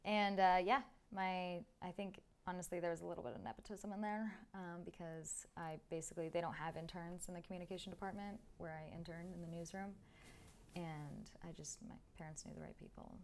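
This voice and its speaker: A woman's voice: lowish voice, fairly even intonation, fairly quick, slight background noise. A woman in her twenties, a podcast guest, chatting casually with many "like"s and "um"s. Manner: chatty, lots of "like" and "um". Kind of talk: casual interview chat.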